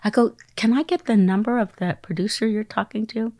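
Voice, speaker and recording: With a mid-range, darkish voice and a slightly fast pace, a middle-aged woman guests on an interview and spins a long, lively tale. She performs the people in it, including phone calls, and at times drops into whispers; the studio-quality audio has no echo.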